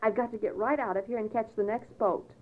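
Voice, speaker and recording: A woman's voice: fairly high pitch, fairly even intonation, fast talker, narrow, tinny audio, lightly acted. A woman reading a comedy play aloud, voicing a gushing, theatrical actress who swoons breathlessly over a lover. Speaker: amateur reader performing a comedy play. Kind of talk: read-aloud play scene.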